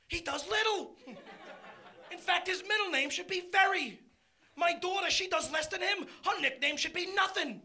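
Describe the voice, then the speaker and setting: A middle-aged man doing a live stand-up routine, punchy and loud, shouting his punchlines. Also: very high voice, moderate pace, creaky. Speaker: stand-up comedian.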